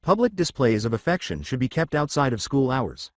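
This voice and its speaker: A man's voice: mid-range voice, big pitch swings, a little fast, no echo, clean studio sound, natural voice. A man reading as a stiff, scolding teenage boy. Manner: formal, scolding. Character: stiff, rule-bound teenage boy class rep.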